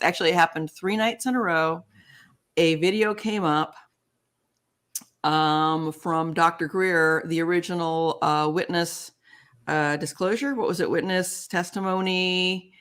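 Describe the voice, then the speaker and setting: Older woman guest, animated storyteller, plays out both sides of remembered dialogue. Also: sits low. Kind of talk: storytelling in an interview.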